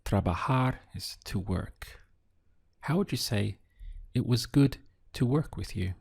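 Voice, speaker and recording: A man teaching a Spanish lesson, patient and clear, repeating and spelling words slowly. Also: medium pitch, expressive, darkish tone. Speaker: Spanish tutor. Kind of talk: slow, clear language lesson.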